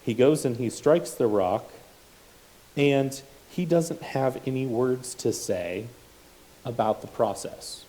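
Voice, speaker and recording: Guy giving a sermon, warm mellow voice, talks it through off the cuff. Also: medium pitch, slow pace, poor audio. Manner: unscripted asides and self-corrections while teaching from scripture. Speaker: preacher.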